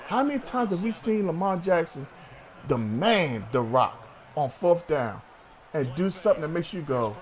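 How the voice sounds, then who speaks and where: Animated high-voiced man ranting sports. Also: normal speed. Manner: animated, swearing, calls co-host bruh. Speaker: sports talk host. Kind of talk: heated sports debate.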